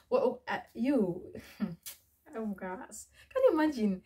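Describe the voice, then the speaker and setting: Husky-voiced woman telling a story. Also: fairly high pitch, animated, slow, warm tone. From Uganda. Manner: chatty, repetitive, with many restarts and fillers. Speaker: vlogger. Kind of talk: storytime vlog.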